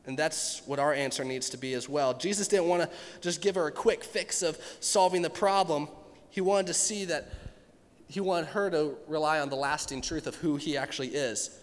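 A man's voice: a little high, in a large hall. A man preaching a sermon in an earnest, conversational way, acting out quotes and questions. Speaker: pastor.

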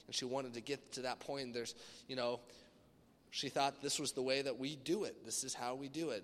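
Casual man preaching in a reverberant hall. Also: medium pitch. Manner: casual, rambling, with lively acted-out quotes. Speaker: pastor. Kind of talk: sermon.

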